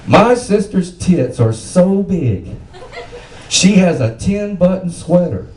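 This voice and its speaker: A man's voice: high-pitched, very animated, takes it slowly, a little mellow, echoey room, recorded from a distance, heavily acted, poor audio. A man voicing a cheeky, eager young schoolboy, in a joke told to a small group.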